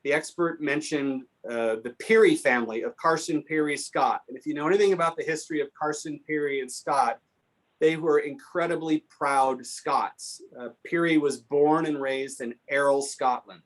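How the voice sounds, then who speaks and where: A guest speaker on local history, a man with a slightly high voice at a moderate pace, answers a question during a Q&A by telling anecdotes. He's animated and acts out the voices of the people he quotes.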